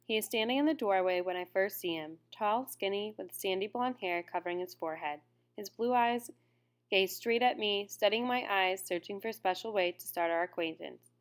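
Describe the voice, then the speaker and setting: Woman, audiobook narrator, first-person narration, measured, reflective, mid pitch. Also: clear, resonant tone.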